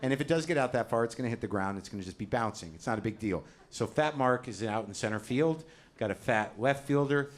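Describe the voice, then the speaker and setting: Older male stand-up comic, conversational and self-mocking, medium-pitched voice, mic on stage. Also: fast. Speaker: stand-up comedian. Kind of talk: stand-up routine. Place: comedy stage. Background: audience laughter.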